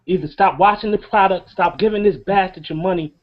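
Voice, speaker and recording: A man's voice: sits high, brisk. A middle-aged man delivering an impassioned, profane rant as co-host of a review show. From New York. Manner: emphatic, profane, preaching. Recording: dull lo-fi sound.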